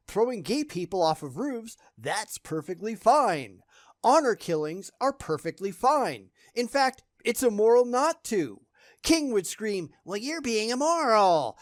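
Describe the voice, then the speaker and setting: A man's voice: a little high, no echo, clean studio sound. A man giving sarcastic reaction commentary, blunt and scornful in how he talks.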